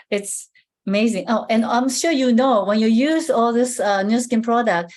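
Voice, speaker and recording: A woman giving a live skincare demonstration over a video call, explaining step by step in a halting way with many fillers and restarts. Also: on the high side, darkish tone.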